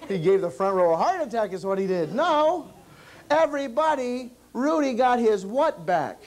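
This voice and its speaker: A man's voice: very high voice, moderate pace. A man performing as a children's entertainer, telling a comic story on stage and firing questions at the kids. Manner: animated, quizzes the kids.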